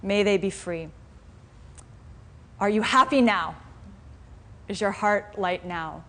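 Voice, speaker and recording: A woman's voice: mid-range voice, slow pace, sharp tone. A woman voicing a generous, noble male king in a told fable, speaking earnestly. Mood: eager. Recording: faint room noise in a live class.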